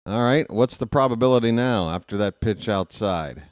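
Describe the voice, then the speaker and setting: An American man giving casual live fan play-by-play of a baseball game, chatty and talking to himself, with excitable bursts. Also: on the low side, moderate pace, hardly any pauses, dry recording, clean studio sound. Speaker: play-by-play commentator.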